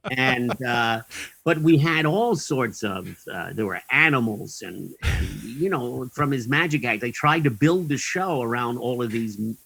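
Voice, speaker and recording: A man's voice: mid-range voice, animated, unhurried, vocal fry, fairly bright tone, slightly rough, low-quality recording. A man guest in an interview, telling long anecdotes in a rambling way with many ums and chuckles.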